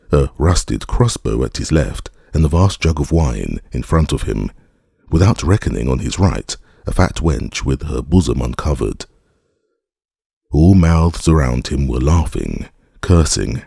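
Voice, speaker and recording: An audiobook narrator with a very deep, gravelly male voice reads a classic novel in scripted narration. He sounds animated and mellow, going a little slowly. The recording is clean studio sound with no room sound.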